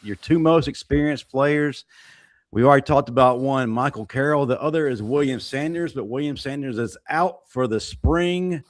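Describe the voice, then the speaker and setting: A man's voice: medium pitch, normal speed, dry recording. Man hosting a sports talk show. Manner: upbeat, emphatic presenter who steers the panel. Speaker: show host.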